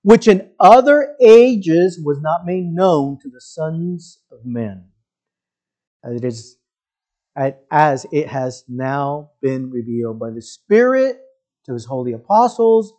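A man's voice: on the high side, a little mellow. A male pastor preaching a sermon in a conversational way, often putting questions to his congregation.

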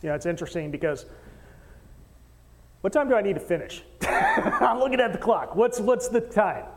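High-voiced male pastor in an echoing hall. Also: moderate pace. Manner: animated storytelling, acting out quoted voices, joking with the crowd. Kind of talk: sermon. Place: church stage in a hall.

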